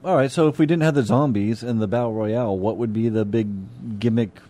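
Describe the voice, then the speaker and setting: Mellow-voiced man in casual chat. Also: medium pitch, fairly quick. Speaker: podcast co-host.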